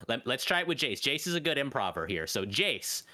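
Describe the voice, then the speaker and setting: A man's voice: medium pitch, very animated, quick pace, sharp tone. A man hosting a podcast, leading improv games in a rambling, mock-teacherly way full of fillers. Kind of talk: casual chat.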